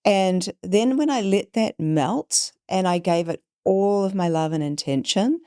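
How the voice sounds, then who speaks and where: Kiwi woman telling a story on a podcast, lively, does the voices, dry close mic. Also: medium pitch, a little slow, no echo. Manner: animated, acts out quoted voices. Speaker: podcast guest. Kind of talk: storytelling in conversation.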